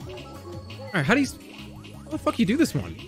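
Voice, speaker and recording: A man commentating on games live, excitable and often breaking into laughter or shouting. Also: high-pitched, normal speed, soft background music. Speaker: streamer. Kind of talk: live game-stream commentary.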